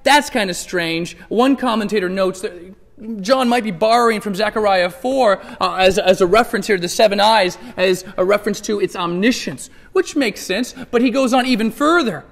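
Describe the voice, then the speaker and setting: A man preaching a sermon in a church, conversational and animated, swinging from hushed asides to loud emphatic bursts. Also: high voice, normal speed, creaky, long reverb tail. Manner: conversational, playfully acts out scripture scenes. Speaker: pastor. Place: church sanctuary.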